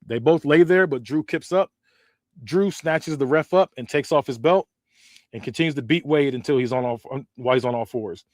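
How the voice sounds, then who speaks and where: A man's voice: medium pitch, normal speed, darkish tone, no room sound, clean studio sound. A man hosting a podcast, narrating a story casually and hurriedly, with many restarts and self-corrections. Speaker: podcast host.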